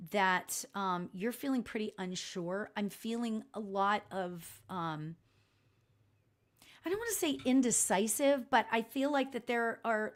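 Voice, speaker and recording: A woman hosting a live psychic reading stream, speaking gently and reassuringly with many pauses and fillers. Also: medium pitch. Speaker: spiritual medium host.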